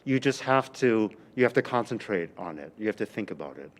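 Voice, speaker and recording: Animated man coaching a violin master class. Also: fairly low pitch, fairly quick. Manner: animated, exaggerated teaching delivery with repeated phrases. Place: rehearsal room.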